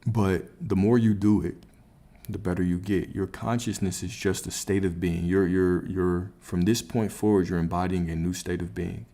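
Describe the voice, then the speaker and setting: A man's voice: sits low, warm tone. A man giving a motivational spiritual coaching talk on a livestream, emphatic and repetitive, often checking in with "right?".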